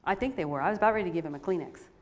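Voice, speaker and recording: A woman sharing a personal testimony with a women's audience, telling her story in an animated, expressive way. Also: fairly low pitch, rapid-fire. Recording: reverberant hall recording.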